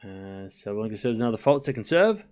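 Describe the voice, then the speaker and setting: A man's voice: on the low side, big pitch swings, fast, a little mellow, smooth, soft background music. Casual man calling tennis on a stream. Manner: casual, chats with viewers between points. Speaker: livestream host. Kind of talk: live tennis watchalong commentary.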